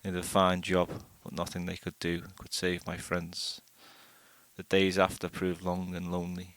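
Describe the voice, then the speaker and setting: A man reading a first-person short story aloud in a steady, unhurried way. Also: sits low, dry recording. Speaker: audiobook narrator.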